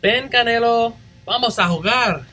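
A man voicing a cheerful young granddaughter, pitching his voice up into a sweet, eager storybook tone. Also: normal speed, sharp tone, exaggerated voice.

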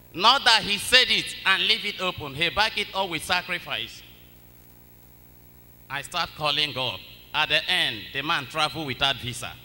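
Bright-voiced man testifying in church. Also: a little high. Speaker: church member giving testimony. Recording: long church reverb.

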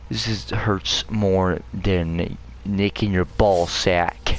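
A man's voice: sits low, moderate pace, clean tone. A man giving let's play commentary, ranting angrily and cursing constantly as he plays. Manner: angry, profane, ranting. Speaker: gamer.

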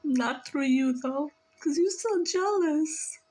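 A tearful woman speaks through an emotional spiritual reading, her voice pitched high. She talks slowly and earnestly, pleading and scolding by turns. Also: darkish tone, rough recording. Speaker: spiritual reader.

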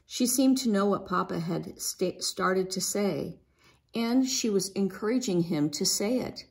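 A woman reading a children's book aloud in a gentle, expressive way. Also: medium pitch, creaky. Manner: gentle, expressive, lifts her voice for a young girl's lines. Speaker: storybook reader.

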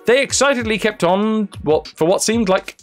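A man streaming a game, reading its story text aloud in a casual, animated way and sometimes tripping over the words. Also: sits high, normal speed, soft background music.

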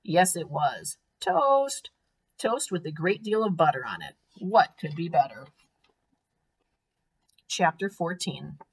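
A woman, a teacher, reading a children's storybook aloud with clear, expressive storytelling. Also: low-pitched, a little slow, pauses often, low-quality recording.

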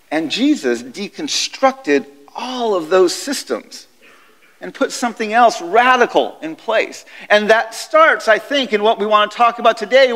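A guest speaker from the United States preaches a sermon at a university chapel in a high voice, and the chapel is echoey. He is conversational and tells his stories in an animated way.

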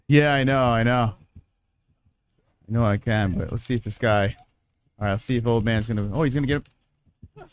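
A man's voice: medium pitch, normal speed, pauses often, clear, resonant tone. A man giving live, profane commentary while playing a video game, yelping, cursing and laughing at what happens on screen. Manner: excitable, swears often, yelps and laughs at the game. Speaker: livestreaming gamer.

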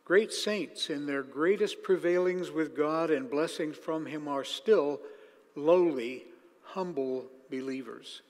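Man, sermon, emphatic, slow on key words, reverberant hall. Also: a little high. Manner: emphatic, slows down to stress key phrases. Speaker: preacher.

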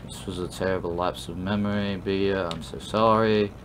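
A man's voice: sits low, fairly even intonation, moderate pace, background noise, close to an everyday voice. A man voicing a drunk apologetic cat girl. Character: drunk young female cat, apologetic and sloppy.

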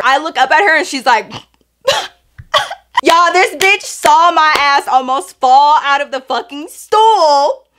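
High-voiced young woman telling a storytime. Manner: animated, slangy and profane, talks straight to listeners. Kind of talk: casual storytime.

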